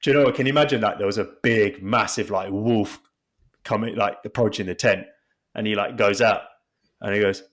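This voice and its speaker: A man's voice: fairly low pitch, fairly even intonation, a little fast. Rambling male podcast co-host. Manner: rambling, with frequent restarts and laughter. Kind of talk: casual chat between brothers.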